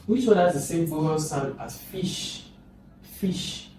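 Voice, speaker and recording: A man's voice: a little high, moderate pace, mellow, a little hiss or hum. A man with a Nigerian English accent tutoring for an exam, thinking aloud and repeating sounds over and over. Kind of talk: informal exam lesson. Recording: echoey room, far from mic, music behind.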